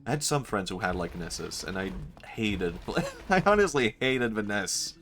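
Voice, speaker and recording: A streamer chatting casually while gaming, musing aloud, laughing often and mocking himself. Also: male voice, lowish voice, big pitch swings, normal speed, fairly bright tone, faint music behind. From Sweden. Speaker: livestreamer.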